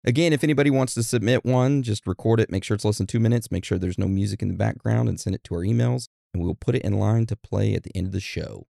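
A man co-hosting a casual podcast, joking around and reading out listener shout-outs in an animated way. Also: lowish voice, fast, vocal fry, hardly any pauses, no room sound, clean studio sound. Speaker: podcast co-host.

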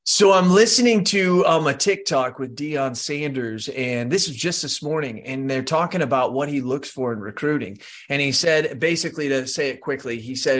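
A man's voice: medium pitch, normal speed, hardly any pauses, fairly bright tone. A man hosting a podcast, laid-back, retelling an anecdote and laughing easily. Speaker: podcast host. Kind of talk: casual conversation.

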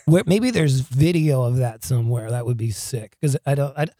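A man guest in an interview, telling wild stories in an animated, excitable way, laughing often and acting out what people said. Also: mid-range voice, moderate pace, no room sound. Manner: animated, excitable storyteller who laughs often and acts out quotes. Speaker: guest, rock singer. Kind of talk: storytelling interview.

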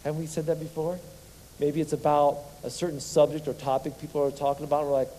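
A pastor with a slightly high, warm voice preaches fast but flatly, the recording carrying a little hiss or hum plus long hall reverb from the church sanctuary. He draws his congregation into call-and-response and throws rhetorical questions their way.

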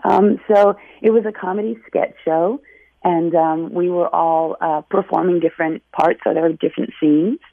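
A woman's voice: on the low side, fairly even intonation, moderate pace, creaky, no echo. A woman calling in to a radio show, speaking hesitantly with many fillers. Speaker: caller, comedy performer. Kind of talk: phone call to a radio show. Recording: tinny phone line.

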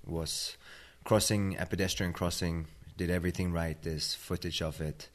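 Low-voiced Swedish man, British-tinged accent. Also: fairly even intonation, normal speed. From Sweden. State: tired. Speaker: guest. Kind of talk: interview conversation.

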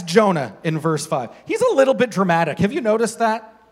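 Male preacher, animated sermon delivery, slightly higher voice, pokes fun at his characters. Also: brisk.

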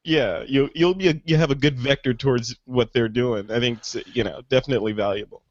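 A man's voice: mid-range voice, brisk, no room sound, dull audio. A man hosting a photography podcast, chatting in an enthusiastic, rambling way with his guests. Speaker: podcast host. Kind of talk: casual interview chat.

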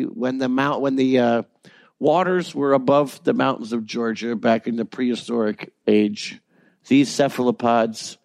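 A voice actor guesting in an interview chats loosely, rambling, joking, and restarting often in casual conversation. His voice is medium-pitched, creaky, and a little mellow, with no echo.

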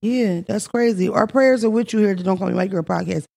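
Brash, profane Philly woman with a gravelly edge. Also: mid-range voice, fast talker, no room sound. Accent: Philadelphia. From Philadelphia. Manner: brash, profane, animated storytelling. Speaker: podcast host. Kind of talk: casual comedic chat.

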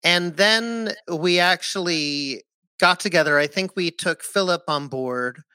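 Bright-voiced, animated young man. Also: high-pitched, unhurried, clean tone, no room sound. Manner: animated, swearing, jumping into voices. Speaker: co-host and musical writer. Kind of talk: casual chat on a video stream.

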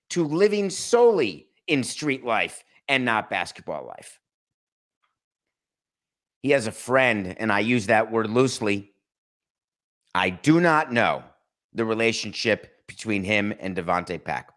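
A man hosting a sports podcast, talking in a dry, mocking tone with deliberate pauses for emphasis. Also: lowish voice, big pitch swings, a bit bright. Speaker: podcast host. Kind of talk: sarcastic sports commentary.

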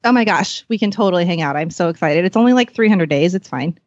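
A woman's voice: fairly low pitch, expressive, fast, no echo, highs cut off. A young woman guest chatting casually, giggling often and talking with lots of fillers. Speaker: podcast guest, equestrian journalist. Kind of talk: casual chat.

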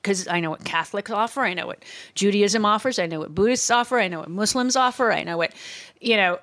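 A woman with a bright, forceful voice tells stories in casual chat. She is blunt and emphatic and pauses on fillers as she goes. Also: mid-range voice.

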